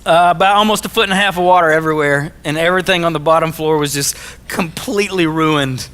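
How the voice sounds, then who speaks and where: Animated man telling a story. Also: fairly high pitch, quick pace, smooth. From Arkansas. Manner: animated, jokey, acts out his own quotes. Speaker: motivational speaker. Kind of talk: storytelling talk to a school audience.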